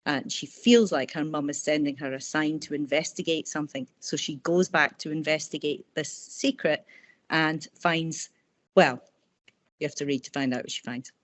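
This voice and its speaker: A woman author talking in a casual interview over a video call, telling personal stories warmly and restarting her sentences often. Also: low-pitched, fairly even intonation, normal speed. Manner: warm, chatty storytelling with frequent restarts. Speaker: author guest.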